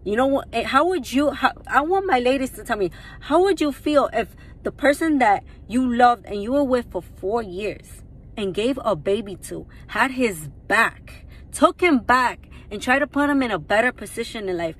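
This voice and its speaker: A woman's voice: a little high, animated, normal speed, breathy edge. A young woman, a reality TV personality, delivering a furious, profane rant to her followers. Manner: furious and profane, swearing constantly.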